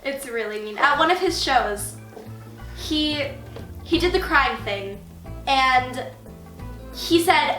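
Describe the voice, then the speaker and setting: A woman's voice: high voice, animated, slow pace, pauses often, pushed and bright. A teenage girl chatting casually as co-host, giving short replies and telling stories. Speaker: co-host daughter. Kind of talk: casual reaction chat. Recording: echoey room with music underneath.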